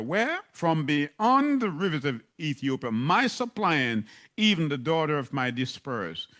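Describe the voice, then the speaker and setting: Slow, animated preacher man. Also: on the high side. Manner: emphatic preaching with rhetorical questions and scripture reading. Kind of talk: sermon.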